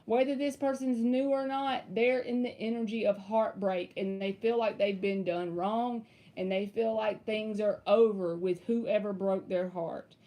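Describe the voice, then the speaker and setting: Gravelly-voiced woman reading tarot cards. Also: mid-range voice, fairly even intonation, measured pace, hardly any pauses, dark tone. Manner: casual, laughs easily, chats with viewers. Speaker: tarot reader. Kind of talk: live tarot reading with chat.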